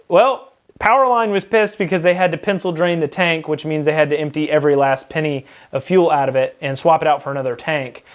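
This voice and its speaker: A man's voice: fairly high pitch, fairly even intonation, a little fast. A man casually telling a rambling, profane personal anecdote, acting out what people said. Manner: rambling, profane, acts out quoted lines. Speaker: storyteller.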